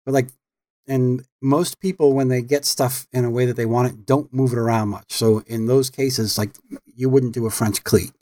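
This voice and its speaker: A man's voice: medium pitch, steady tone, moderate pace, mellow, no room sound, clean studio sound. A man as a podcast guest in casual chat, easygoing and rambling with many fillers.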